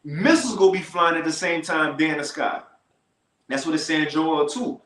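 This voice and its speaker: A man teaching scripture in a casual, slangy way, slowing down to read verses with emphasis. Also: on the high side, a bit bright, roomy sound, a little hiss or hum, poor audio. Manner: slow, emphatic scripture reading.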